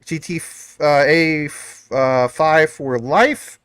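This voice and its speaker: A man hosts a casual crypto livestream, rambling through viewer comments with lots of fillers and chatty asides. His voice is a little high, slow, fairly bright, clear and resonant, recorded at studio quality with no room sound.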